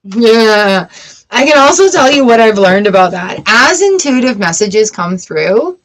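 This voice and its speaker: A woman's voice: a little high, very animated, measured pace, rough recording. A middle-aged woman hosting a live tarot and oracle card reading, talking in a chatty, reassuring way and answering viewers as she goes. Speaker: tarot reader.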